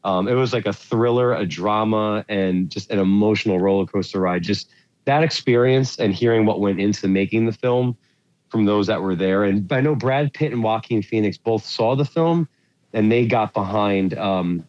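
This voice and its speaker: A man's voice: fairly low pitch, normal speed, darkish tone, muffled recording. A man co-hosting a movie podcast, chatting casually and rambling with lots of fillers as he searches for words. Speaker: podcast co-host. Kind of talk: casual chat about movies.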